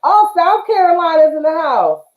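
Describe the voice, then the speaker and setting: Hosting a craft livestream, a Bay Area woman from Northern California speaks in a very high, very animated voice at normal speed. She is warm and chatty, using lots of fillers, and the audio is roomy and muffled.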